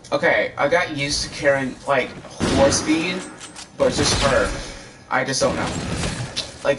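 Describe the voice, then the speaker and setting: Rambling teenage boy, loud gunfire behind. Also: medium pitch. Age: teens. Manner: loose, filler-heavy, cursing, self-interrupting. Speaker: vlogger. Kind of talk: rambling personal storytelling. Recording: distant mic, loud gunfire noise.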